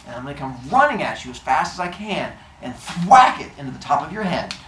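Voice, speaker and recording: A woman's voice: low-pitched, sing-song, fairly quick, a bit bright, far from the mic, a little hiss or hum. A woman voicing an awkward, matter-of-fact male inventor god who hesitantly explains his strange plans. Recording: roomy echo, faint ambience.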